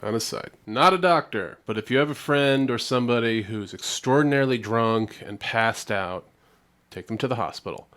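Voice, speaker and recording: A man's voice: mid-range voice, normal speed, a bit bright. A man from Connecticut giving chatty, self-deprecating reaction commentary. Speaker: reaction video host.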